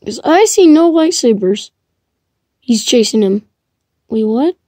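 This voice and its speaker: High, excitable young woman gamer. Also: slow pace, dry recording, clean studio sound. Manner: excitable, shrieks and laughs when chased. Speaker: gamer streaming live play. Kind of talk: reactive gameplay commentary.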